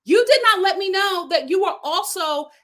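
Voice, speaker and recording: A hurt young woman speaks up firmly and emphatically about feeling misled, as a woman acts her out. Her voice is raised in pitch and carries a wounded edge. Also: expressive, moderate pace, fairly bright tone.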